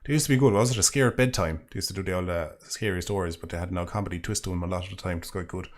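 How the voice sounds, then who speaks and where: Low-voiced man chatting on stream. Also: very fast. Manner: rambling, sweary and sarcastic. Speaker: streamer reading super chats. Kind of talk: casual live-stream chat.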